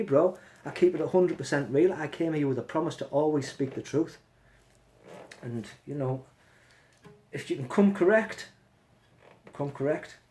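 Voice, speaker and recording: Casting: male live streamer, fairly high voice, blunt and confrontational, phone mic. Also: warm tone. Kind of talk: casual live stream rant.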